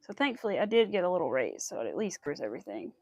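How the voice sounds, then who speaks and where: A woman's voice: lowish voice, sing-song, racing, husky, no room sound, lo-fi sound. A young woman hosting a crochet livestream, chatting casually and rambling through stories with quoted asides. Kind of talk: casual chat while crocheting.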